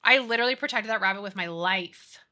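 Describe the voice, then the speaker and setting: Bubbly, very bright-voiced woman streamer. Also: mid-range voice, quick pace. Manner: gushing and excitable, with gasps and baby talk. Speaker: game streamer. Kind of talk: casual live-stream chat while playing.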